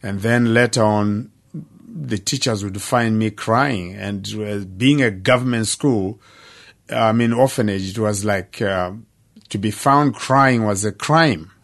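An older man, giving an earnest personal testimony in plain, measured storytelling. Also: fairly low pitch, a bit bright. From Zimbabwe. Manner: earnest, plain-spoken storytelling with dramatic pauses. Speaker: speaker sharing his life story.

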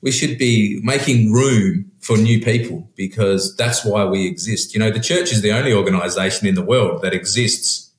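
A man, a pastor who farms sheep, speaks in a fairly low voice. He chats loosely and rambles, restarting his sentences often. The recording has a noticeable room echo. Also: moderate pace, few pauses. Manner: relaxed, rambling, frequent restarts. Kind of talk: casual conversation. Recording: roomy echo.

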